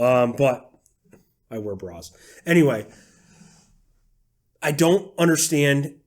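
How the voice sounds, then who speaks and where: A man's voice: mid-range voice, darkish tone. A young man co-hosting a casual podcast, ranting sarcastically and swearing freely. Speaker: podcast co-host. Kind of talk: casual chat.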